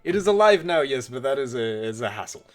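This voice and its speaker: A man's voice: medium pitch, very animated, fast, soft background music, lightly acted. A man voicing a stern, scornful male head chef who lectures in formal speech without contractions. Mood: lecturing.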